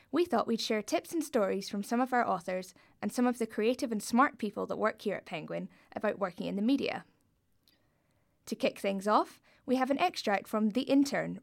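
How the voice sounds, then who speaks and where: A woman's voice: medium pitch, gravelly. A woman hosting a publisher's podcast, reading a scripted, upbeat introduction. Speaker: podcast host.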